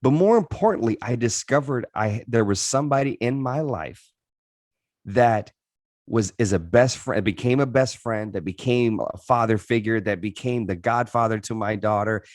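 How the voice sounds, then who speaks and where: A man's voice: medium pitch, moderate pace, no echo, clean studio sound. A man in his thirties, a podcast guest, telling his life story in an earnest, reflective way with frequent restarts. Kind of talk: candid interview storytelling.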